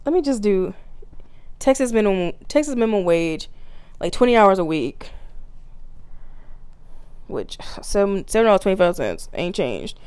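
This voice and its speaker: A woman's voice: mid-range voice, moderate pace, long pauses, clean tone, dry recording. Blunt, profane woman podcaster. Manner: profane, animated, laughs often. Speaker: podcast host. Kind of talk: solo podcast rant.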